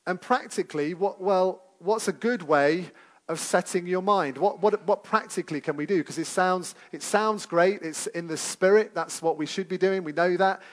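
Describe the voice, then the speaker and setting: High-voiced man preaching conversationally. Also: moderate pace. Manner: conversational, asks the congregation questions. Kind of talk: sermon.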